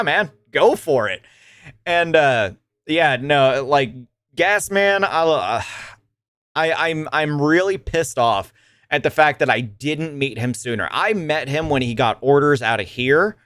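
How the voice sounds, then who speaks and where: Young male streamer, loose rambling talker, swears often, slightly high voice, dry close mic. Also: fairly bright tone, no room sound. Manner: rambling, swears freely, laughs often, many restarts. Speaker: livestreamer. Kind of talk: casual chat to a live stream chat.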